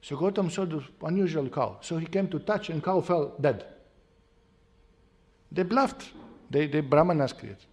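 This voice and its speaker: A man's voice: a little high, unhurried, long pauses, breathy edge. A middle-aged man giving a devotional class lecture in non-native English, explaining with recitations and counting drills.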